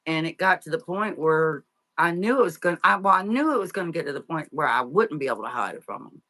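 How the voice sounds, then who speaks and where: Middle-aged woman guest, bright tense voice, halting and teary, lots of um and restarts. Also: low voice, expressive. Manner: halting, tearful, many fillers and restarts. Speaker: interview guest. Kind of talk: emotional personal storytelling.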